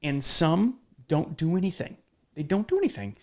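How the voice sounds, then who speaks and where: A man's voice: a little high, sing-song, moderate pace. A man hosting a podcast in casual conversation, talking emphatically and bluntly, with the odd swear word. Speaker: podcast host.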